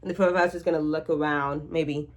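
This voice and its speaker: A woman's voice: low voice, fairly even intonation, a little fast. A woman in her twenties talking to camera in a rambling, anxious casual monologue, with frank swearing and many restarts. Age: 20s. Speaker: vlogger.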